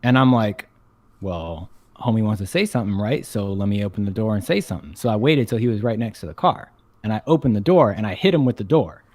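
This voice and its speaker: A man's voice: lowish voice, lively intonation, quick pace, darkish tone, no room sound. A young man in casual chat, telling a story animatedly, swearing and laughing often. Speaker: podcast co-host.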